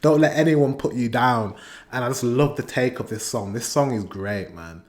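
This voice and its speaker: A man's voice: medium pitch, normal speed, a little mellow. British man casually reacting to music. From Britain. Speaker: reaction video host.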